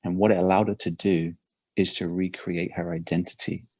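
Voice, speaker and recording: Deep gravelly-voiced man, earnest coach. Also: little pitch movement, normal speed, no echo. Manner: earnest, repeats words and restarts often. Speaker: performance coach. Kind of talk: casual podcast conversation.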